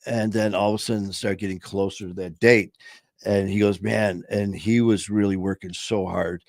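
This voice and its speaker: A man's voice: fairly low pitch, steady tone, normal speed, vocal fry, darkish tone, no room sound. A middle-aged man telling a long story in a casual chat, rambling with many fillers. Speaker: podcast host and former trainer.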